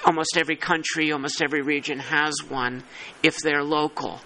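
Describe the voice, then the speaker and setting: A man's voice: a little high, steady tone, brisk, pushed and bright, slight background noise, low-quality recording. A man chairing a working-group meeting, thinking aloud and poking fun at himself. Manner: thinking aloud, self-deprecating.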